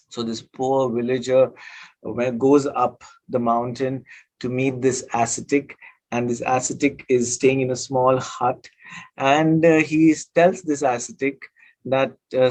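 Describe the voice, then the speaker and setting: A man's voice: medium pitch, fairly even intonation, normal speed, a little mellow, poor audio. Man counselor telling a parable. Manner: repetitive, emphatic, frequent hesitations. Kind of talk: storytelling and self-help talk.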